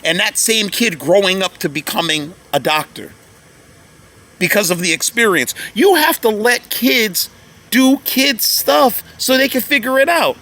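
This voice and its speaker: A man talking casually and emotionally to the camera, rambling, repeating words and often ending with "man," swinging between loud excited bursts and quiet low asides. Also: unhurried. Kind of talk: casual personal monologue.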